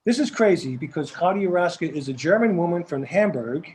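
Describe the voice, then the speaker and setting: An older film director with a Staten Island accent tells his stories in a husky, slightly high voice. He rambles and restarts, repeating words as the anecdotes pick up. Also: lively intonation, normal speed, a little mellow, rough recording. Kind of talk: casual storytelling interview.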